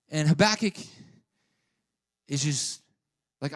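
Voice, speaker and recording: Animated male preacher, high voice. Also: unhurried, pauses often. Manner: animated, voices Habakkuk's complaints dramatically. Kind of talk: sermon.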